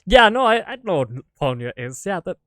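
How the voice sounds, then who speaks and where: A man's voice: sits high, sing-song, brisk, a bit bright, dry recording. A man chatting casually to his live-stream audience while gaming, rambling, joking and swearing offhandedly.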